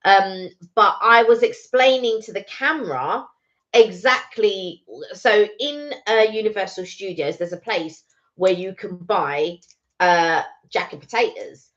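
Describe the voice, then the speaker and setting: A woman's voice: mid-range voice, a little slow, a bit bright, lo-fi sound. A woman co-hosting a casual live stream, telling stories in a rambling way with many restarts. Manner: rambling storyteller, full of "like" and restarts. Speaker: co-host.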